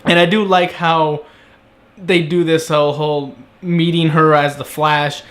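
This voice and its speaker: A young man with a slightly high voice talks through a TV episode in a loose, conversational review. He keeps breaking into quick impressions of the characters' lines before snapping back to his own take. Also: fairly even intonation, a bit bright. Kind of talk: casual solo review.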